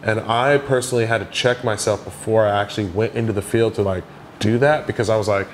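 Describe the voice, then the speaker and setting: A young man telling stories in a casual interview, animated and full of "like" fillers. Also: fairly low pitch, quick pace, a little hiss or hum. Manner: animated storyteller, heavy "like" fillers. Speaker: podcast guest.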